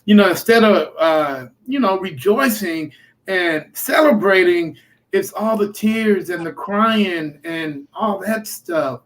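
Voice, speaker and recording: A man with a high-pitched voice hosts a casual podcast chat. He tells stories in an animated way, joking and laughing. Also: slow. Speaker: podcast host.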